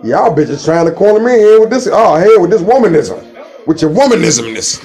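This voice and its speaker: A man telling stories in a casual chat, loud and animated, acting out the voices of the people in them. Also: high voice, brisk. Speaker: storyteller in a casual conversation.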